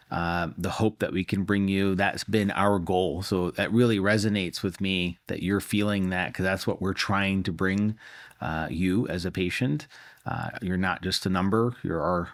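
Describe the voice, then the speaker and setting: A man's voice: low voice, dry recording, studio quality. A man, a physician and cancer researcher, giving an earnest, reflective answer in an interview, often doubling words as he starts a thought.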